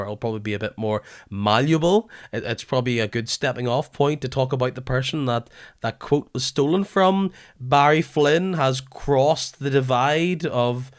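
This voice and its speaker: A man hosting a football podcast, his voice weary from a lingering illness, keen but halting at times. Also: medium pitch. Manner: enthusiastic, with halting restarts. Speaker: podcast host. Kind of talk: casual football podcast chat.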